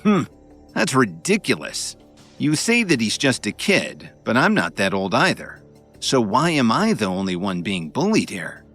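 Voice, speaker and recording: A man's voice: medium pitch, wildly swooping pitch, measured pace, a bit bright, faint music behind, full character voice. A man voicing a fearless young man who answers back in a defiant, mocking way in an audiobook. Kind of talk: audiobook narration.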